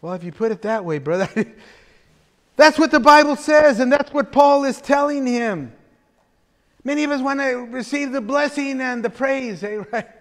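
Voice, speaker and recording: A man's voice: extremely high pitch, moderate pace. A man preaching a conversational sermon as pastor, chatty and folksy, with frequent laughter and restarts. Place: church sanctuary. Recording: reverberant church hall.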